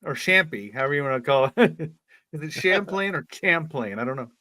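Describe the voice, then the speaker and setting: A man's voice: medium pitch, steady tone, rapid-fire, fairly bright tone, no echo. A man co-hosting a podcast, reading a story aloud and breaking off for jokes and laughs. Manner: joking, laughs between lines. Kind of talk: casual reading with jokey asides.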